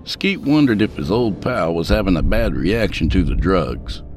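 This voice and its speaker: Deep-ish man narrating a folksy tale. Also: big pitch swings, normal speed, faint music behind. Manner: dry storytelling with folksy humor. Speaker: narrator and host. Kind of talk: scripted narration.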